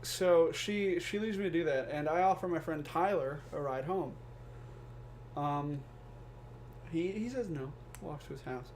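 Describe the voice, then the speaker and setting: A young man, a podcast co-host, telling a comedic story with animated delivery and swearing. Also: on the high side, a little slow. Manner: animated, swearing, acts out quoted voices. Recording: faint background noise.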